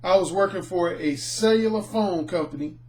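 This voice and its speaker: A middle-aged man, a dating coach, telling a personal anecdote in an animated, storytelling way. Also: high-pitched, normal speed. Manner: animated, acts out the people in his anecdotes. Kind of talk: storytelling monologue.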